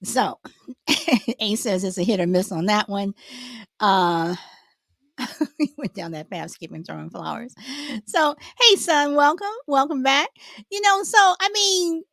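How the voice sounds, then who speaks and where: A woman's voice: a little high, expressive, measured pace, a bit bright, no room sound. A woman hosting a casual livestream chat, talking in loops and breaking into laughter often. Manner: laughs often, chatty and repetitive. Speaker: host.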